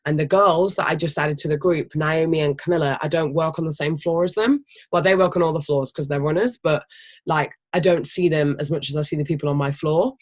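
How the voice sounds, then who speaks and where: Team leader, casual motivational training talk; emphatic, energetic, swears freely, mid-pitched. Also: fairly quick. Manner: animated, energetic. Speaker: team leader of a health business.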